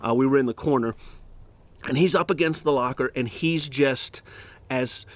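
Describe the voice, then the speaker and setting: Animated man telling a story. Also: mid-range voice, normal speed, no room sound. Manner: animated, acts out quotes, many fillers and restarts. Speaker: podcast host. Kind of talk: storytelling monologue.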